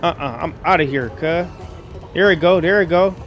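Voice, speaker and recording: Casual game streamer, male, high voice, slang-heavy commentary. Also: normal speed, faint music behind. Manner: slangy, excitable, yelps when startled. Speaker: gaming streamer. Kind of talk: casual let's-play commentary. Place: dark room at night.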